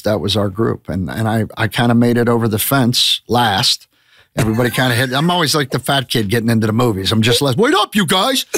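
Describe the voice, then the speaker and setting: Comedian guest, man in his fifties, candid and rambling, mid-pitched voice, dry close mic. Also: a bit bright, dry recording. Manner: candid, rambling storyteller with restarts. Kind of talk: casual podcast conversation.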